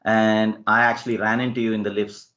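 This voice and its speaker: A man's voice: on the low side, little pitch movement, fairly quick, a bit bright. A man hosting a podcast in casual chat, eagerly chiming in with short affirmations. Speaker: podcast host. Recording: slightly muffled audio.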